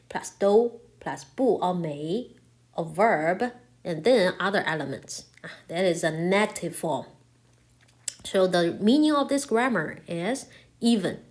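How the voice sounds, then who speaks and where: Woman, native Chinese speaker, grammar teacher; slow, patient delivery with lively pitch swings. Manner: slow, patient explaining, checking in with "right?". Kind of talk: grammar lesson explaining in English with Chinese examples.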